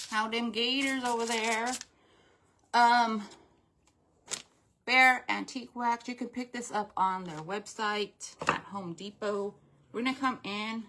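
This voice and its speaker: A woman with a medium-pitched, slightly bright voice hosts a live craft demonstration, chatting casually with viewers and greeting them by name. Her nose sounds a little stuffy, and there's a faint hiss or hum in the audio.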